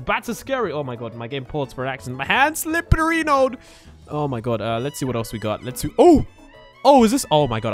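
A young man narrating a Minecraft let's play, excitable, yelping and screaming when startled. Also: fairly high pitch. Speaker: gaming channel host.

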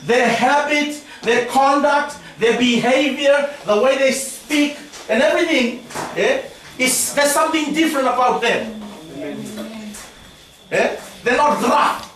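A male preacher giving an animated sermon, often calling out "amen?" and mixing in words of a local language. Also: extremely high pitch, slow pace. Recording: echoey hall, from far off, faint ambience.

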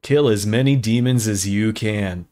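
A man giving casual, profane, excitable commentary while playing a video game. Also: fairly low pitch, a little slow. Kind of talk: casual let's-play commentary. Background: game soundtrack and sound effects.

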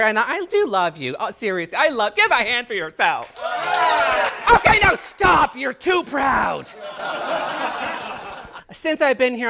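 A Canadian drag queen performing a crude, teasing stand-up set on stage. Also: fairly high pitch. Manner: brash, crude punchlines, teasing the audience. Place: stage before a live audience. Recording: loud live crowd and noise.

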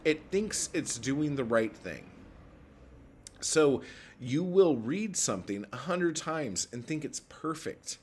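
A man's voice: fairly high pitch, lively intonation, takes it slowly, a little hiss or hum. A man talking casually about writing craft, blunt and profane, rambling with lots of filler words. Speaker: poet giving writing advice. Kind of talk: casual talking-head vlog.

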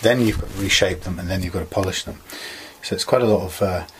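A man's voice: low voice, fast, noisy background. A man casually talking through guitar fret work in a workshop, rambling with many fillers as he explains each step. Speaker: guitar repairer.

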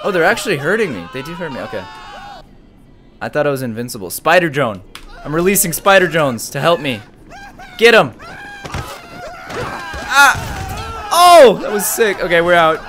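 A young man streams a game with live commentary, fairly high-pitched and swinging between low mutters and excited yells. His voice is lively and jumpy, with a faint hiss behind it. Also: brisk. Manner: excitable, jumpy, shouts and laughs often.

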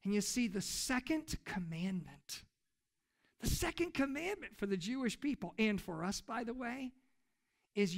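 A man's voice: high voice, lively intonation, a little slow. A man preaching a sermon in church as pastor, retelling a story emphatically and putting questions to the congregation. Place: church service.

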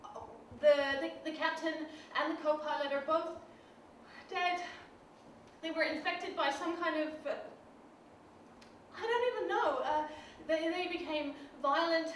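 A woman's voice: very high-pitched, unhurried, a bit bright, slight background noise. An actress auditioning as a panicked young woman mail-plane pilot, flustered and stammering. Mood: nervous. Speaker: auditioning actor. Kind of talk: audition scene reading. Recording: echoey room, distant mic.

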